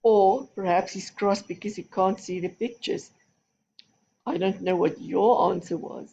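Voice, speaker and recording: A woman's voice: medium pitch, steady tone, measured pace, creaky, dark tone, lo-fi sound, slight background noise. A woman teaching a recorded phonics lesson to young children, giving patient, step-by-step instructions. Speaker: primary school teacher.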